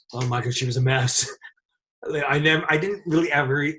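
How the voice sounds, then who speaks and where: A middle-aged man, a set dresser, telling a lively anecdote in an interview and laughing often as he talks. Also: fairly high pitch, moderate pace, slight background noise.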